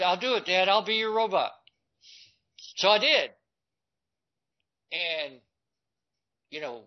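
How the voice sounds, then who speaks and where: An older man tells a personal story with a high voice. He is animated and acts out the people he quotes. The recording sounds dull and lo-fi.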